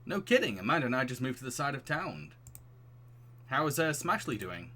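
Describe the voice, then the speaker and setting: Bright, lively male game streamer. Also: mid-range voice, moderate pace, slight background noise. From England. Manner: giggly, animated, reads the game aloud. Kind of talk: let's play commentary.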